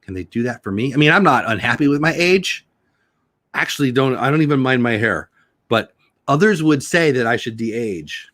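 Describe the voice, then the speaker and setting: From his home, a middle-aged livestream host wanders jokily between topics while reading out chat comments, his pitch rising and falling widely. The mid-range voice is expressive and fairly bright at a normal speed, recorded cleanly in a studio with no room sound.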